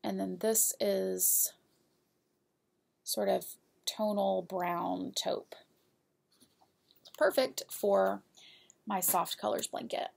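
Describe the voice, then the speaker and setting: A woman's voice: mid-range voice, steady tone, very slow, vocal fry, long pauses, a little mellow, slightly rough. A woman hosting a knitting podcast, chatting casually and giggling as she talks straight to her viewers. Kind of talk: casual show-and-tell of yarn purchases.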